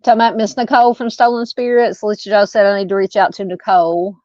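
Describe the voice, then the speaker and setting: A woman's voice: mid-range voice, little pitch movement, fast talker, a little mellow, no echo, dull audio. A woman with a Southern US accent hosting a casual true crime live stream, rambling and chatty as she talks with viewers. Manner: rambling, chatty, lots of "you know" fillers.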